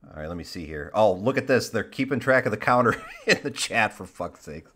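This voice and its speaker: Joking, low-voiced streamer man. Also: animated, fairly quick, a bit bright. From Michigan. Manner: laughs a lot, swears, joking. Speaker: stream co-host. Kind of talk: casual live-stream chat.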